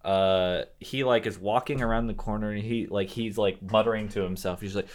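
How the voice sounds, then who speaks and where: A man's voice: on the low side, fairly even intonation, moderate pace, hardly any pauses. A young man chatting casually about a film he rewatched, rambling with lots of fillers and restarts. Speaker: podcast co-host discussing a film. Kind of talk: casual chat.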